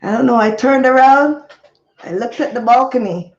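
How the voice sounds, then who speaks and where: A woman's voice: fairly high pitch, normal speed, highs cut off. A woman telling a rambling story to her live chat in a chatty way, laughing easily. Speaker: vlogger.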